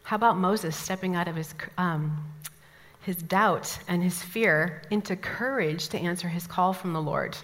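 A woman from the American Midwest teaching a Bible study, telling stories with lively asides. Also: on the low side, a little slow. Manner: animated storytelling, lively asides. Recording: long hall reverb.

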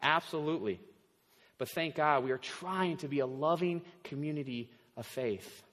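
High-voiced male pastor in a reverberant hall. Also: normal speed, a bit bright. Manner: conversational, laughs often while preaching. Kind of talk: sermon. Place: church sanctuary.

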